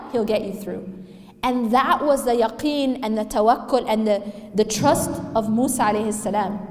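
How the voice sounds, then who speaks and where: A woman giving a religious talk to a live audience, emphatic and asking them questions. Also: sits high. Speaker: Islamic speaker. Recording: echoey hall with long reverb.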